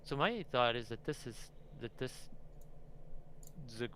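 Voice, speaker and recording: A man playing in a tabletop game, eagerly thinking out loud and asking questions. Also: medium pitch, animated, measured pace, a little hiss or hum. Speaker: player. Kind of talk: casual tabletop game chat.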